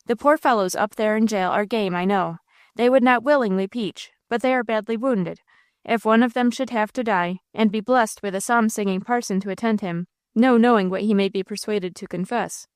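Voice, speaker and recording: A woman's voice: mid-range voice, normal speed, clean tone, dry recording, studio quality, lightly acted. A woman voicing a bold, blustering male robber captain who gives orders to his gang. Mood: commanding. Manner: blustering, rousing, theatrical.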